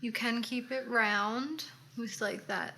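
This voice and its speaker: A woman's voice: on the high side, slow pace, gravelly, bright, forceful tone, slight background noise. A woman co-hosting a casual makeup tutorial, playful and giving tips as she goes. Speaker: co-host of a makeup channel.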